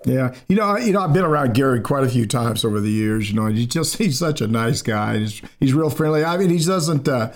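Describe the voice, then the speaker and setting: An older man hosting an interview in a folksy, halting way, often repeating words. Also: medium pitch, lively intonation. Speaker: interview host. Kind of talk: conversational interview.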